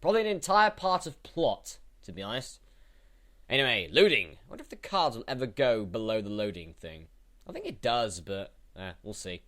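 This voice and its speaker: Lively wry let's-play guy. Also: mid-range voice, normal speed. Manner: chatty, wry asides between reading game text. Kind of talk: casual gameplay commentary, reading on-screen text aloud. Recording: faint game music behind.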